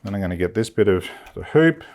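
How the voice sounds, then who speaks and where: Man, fairly low voice, chatty and enthusiastic, casual demo. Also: expressive, fast, darkish tone. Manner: chatty, enthusiastic, thinks aloud with fillers. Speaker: sewing demonstrator. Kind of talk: casual product demonstration. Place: film studio.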